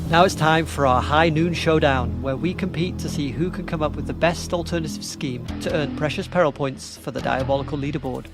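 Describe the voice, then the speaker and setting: A man hosting a podcast with a notably high voice, introducing segments in a playful tone. He leans on hokey western slang in his promo reads. Music plays clearly behind him. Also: brisk, few pauses. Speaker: podcast host.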